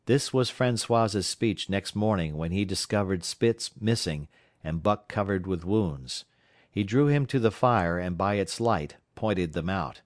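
A man from South Carolina narrates an audiobook in a measured, steady way. His voice sits on the low side. The recording is dry and close, with no room sound. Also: dry recording.

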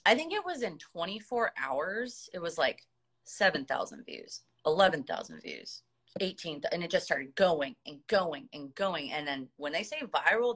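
A woman in her thirties from the United States, telling a story in a chatty, animated way, laughing often as a podcast guest. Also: low-pitched. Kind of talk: casual storytelling.

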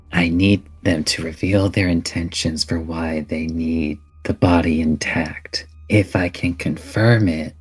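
A man playing a tabletop game, talking in a slow, thoughtful, plotting way. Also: sits low, husky. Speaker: tabletop player.

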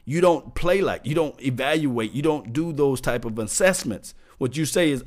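A man hosting a sports talk show in a mid-pitched voice. He argues hard and fires off rhetorical questions. His delivery is emphatic, with everyday comparisons. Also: animated, moderate pace, few pauses. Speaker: podcast host.

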